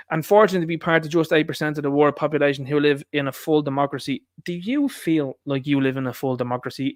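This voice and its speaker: A man's voice: fairly high pitch, no echo, studio quality. A man with an Irish accent hosting a live stream, ranting indignantly through a political monologue full of rhetorical questions.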